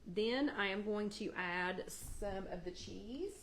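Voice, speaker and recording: A woman's voice: mid-range voice, slow pace, a little hiss or hum. A woman hosting a live chat, casually walking viewers through a recipe and answering their comments by name from her home kitchen. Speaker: host of a live weight-loss chat. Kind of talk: casual cooking demo on a livestream.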